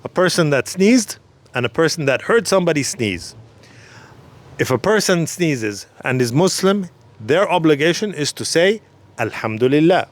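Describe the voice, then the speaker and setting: A man teaching a short religious lesson, calm and patient, who repeats each phrase again more slowly so the listener can follow. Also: a little high.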